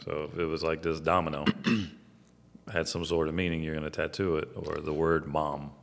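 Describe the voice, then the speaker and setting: Male barber co-host, 40s, very deep voice, calm dry delivery, reverberant room. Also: normal speed, vocal fry. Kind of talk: casual chat.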